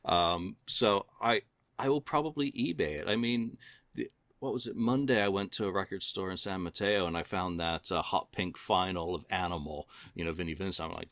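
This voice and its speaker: A man's voice: deep voice, moderate pace, a bit bright, no echo, clean studio sound. A man hosting a casual podcast chat, rambling and self-deprecating with lots of fillers. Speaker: podcast host.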